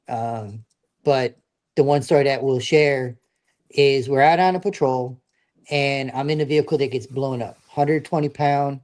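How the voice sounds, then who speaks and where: A middle-aged veteran appearing as a guest tells his stories in a voice on the high side, a little mellow. His casual storytelling comes across as earnest and plain-spoken.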